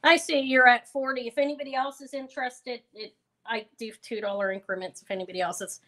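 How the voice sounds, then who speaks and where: A woman's voice: on the high side, fairly even intonation, quick pace, pushed and bright. A woman hosting a live online jewelry auction, chatting casually and rambling with fillers and self-corrections. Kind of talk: casual live-stream selling chat.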